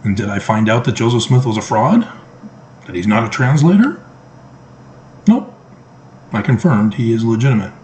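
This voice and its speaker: A man's voice: mid-range voice, animated, moderate pace, long pauses, darkish tone, low-quality recording. Man, middle-aged, casual vlog monologue, emphatic, sarcastic, faint background hiss. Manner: emphatic, sarcastic, rhetorical questions. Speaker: vlogger.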